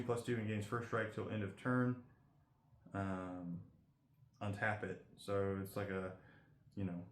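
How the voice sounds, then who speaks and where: Man, lowish voice, casual rambling card-opening commentary, reads card text aloud, roomy echo. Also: a little hiss or hum. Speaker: card collector host.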